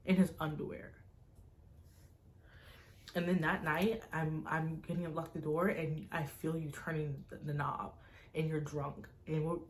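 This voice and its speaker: A young woman, a vlogger, recounting a personal story to camera in an animated, tense way, full of fillers. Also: low voice. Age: young adult. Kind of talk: casual storytime vlog.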